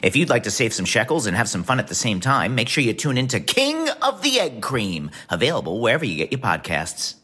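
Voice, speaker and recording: A man's voice: mid-range voice, wildly swooping pitch, fairly quick, hardly any pauses, pushed and bright, breathy edge, heavily acted. A man voicing a comic podcast advertisement with an exaggerated delivery.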